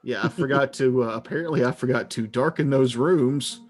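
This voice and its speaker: A man acting as game master, narrating a tabletop game over an online voice call with a relaxed, self-mocking manner. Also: medium pitch, fairly quick.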